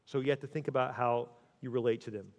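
A male pastor giving a conversational sermon on marriage. Now and then he goes quiet and soft to act out what a spouse might say. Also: mid-range voice, steady tone, quick pace, in a large hall, highs cut off.

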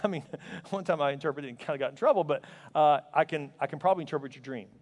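A man's voice: a little high, fast, voice pushed down, natural voice. A man voicing a friendly, easygoing male prisoner who runs things, in a casual, welcoming way during a sermon. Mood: curious, easygoing. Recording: long reverb of a large hall.

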